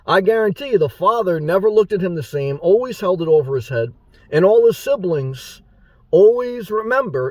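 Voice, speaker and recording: A man's voice: high voice, darkish tone, dry recording. A man giving a rambling, blunt and profane monologue to his viewers as a motivational YouTuber.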